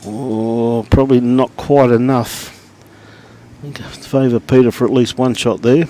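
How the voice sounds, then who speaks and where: A middle-aged Australian man doing relaxed live commentary on lawn bowls, chatting and greeting viewers by name. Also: medium pitch, moderate pace, a little hiss or hum.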